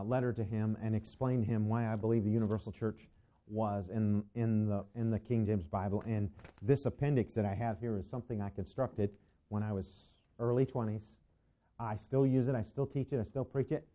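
Deep-toned man teaching a Bible class. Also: fairly even intonation, moderate pace, mellow, lo-fi sound. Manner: conversational and digressive, with asides to the class.

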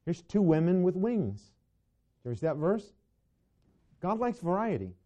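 A man's voice: sits high, big pitch swings, measured pace, dark tone. A man teaching a Bible lesson to a class in a conversational, digressive way, with asides to his students.

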